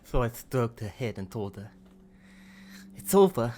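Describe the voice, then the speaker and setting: A man voicing a gentle teenage boy narrator with a lisp, reading haltingly with restarts. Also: mid-range voice, sing-song, a little hiss or hum.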